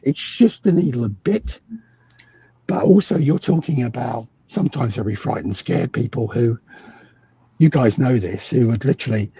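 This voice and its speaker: A man's voice: medium pitch, dark tone, breathy edge, dry recording, muffled recording. A middle-aged British man talking casually as a guest expert, wry and a little cynical. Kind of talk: casual video call conversation.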